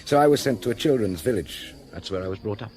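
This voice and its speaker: A man's voice: on the low side, animated, fast, darkish tone, natural voice. An actor playing a male police inspector who narrates and chats with understated, dry humour in a radio drama. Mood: wry.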